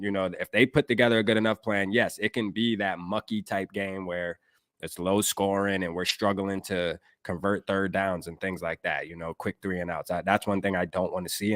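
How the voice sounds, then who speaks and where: A man's voice: on the low side, no room sound, studio quality. A man hosting a sports podcast livestream, laid-back and slangy, greeting viewers in chat. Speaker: podcast host.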